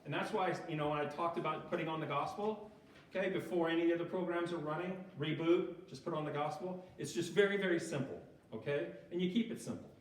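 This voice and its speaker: A man's voice: on the high side, steady tone, fast talker. A man giving an informal sermon at a church recovery group, talking conversationally and often checking in with his listeners. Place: church hall. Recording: echoey church hall, mic far off.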